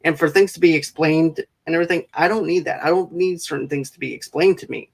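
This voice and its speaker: Eager, fairly high-voiced male show host. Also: fairly even intonation, gravelly, breathy edge. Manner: eager, rambling, quick bursts. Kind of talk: casual interview chat.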